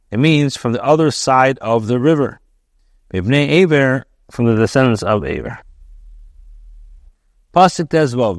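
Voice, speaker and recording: A man teaching as a rabbi, reading Hebrew verses aloud and translating each phrase into English with frequent pauses and restarts. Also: mid-range voice, no echo, studio quality. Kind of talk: reading and translating scripture line by line.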